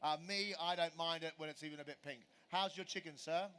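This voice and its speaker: A middle-aged celebrity chef gives a live cooking demo on a show stage, chatting with audience members and answering their questions. His voice is a little high, fairly even and brisk, pushed and bright with a clean tone.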